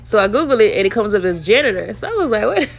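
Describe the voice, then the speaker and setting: A woman's voice: mid-range voice, sing-song, very fast, soft background music. A young woman from Alabama telling a dating story in a casual, chatty way, leaning on "you know" and laughing often.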